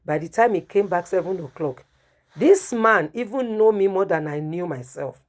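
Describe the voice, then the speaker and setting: Middle-aged woman, lower voice, emotional storytelling preacher. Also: expressive, moderate pace, a little mellow. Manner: storytelling, acts out dialogue, emotional. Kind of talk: testimony sermon.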